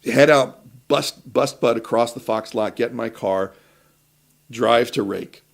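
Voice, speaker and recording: A man's voice: medium pitch, a little slow, vocal fry. A man co-hosting a casual talk show, telling a rambling anecdote with many fillers and restarts. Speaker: talk show co-host, actor.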